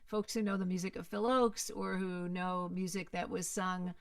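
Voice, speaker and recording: Woman songwriter guest, quick and earnest; dry, distant-sounding recording. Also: fairly low pitch, little pitch movement, gravelly, smooth, dry recording. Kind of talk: conversational interview.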